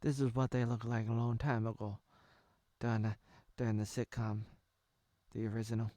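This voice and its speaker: An American man in his thirties riffs on a TV show in a loose, rambling way, often stopping to restart his sentences. His voice sits at an ordinary middle pitch. The sound is dry and close, with no room around it. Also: level tone, normal speed, mellow, no room sound. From United States. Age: 30s. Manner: rambling, self-correcting, jokey. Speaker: video commentator. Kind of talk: casual parody commentary over a show.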